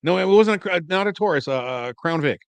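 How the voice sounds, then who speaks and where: A man in his forties, a podcast co-host, telling stories casually and acting out quoted lines loudly. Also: fairly high pitch, animated, a little fast, clean tone, no room sound. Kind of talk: casual storytelling chat.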